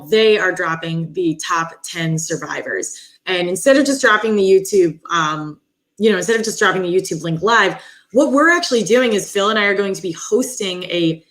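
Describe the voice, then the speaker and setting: A woman co-hosts a podcast in loose, casual conversation. She talks with joking asides and quick tangents. Her voice sits at an average pitch. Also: a bit bright. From Boston area. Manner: chatty, jokey, quick asides. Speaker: podcast co-host.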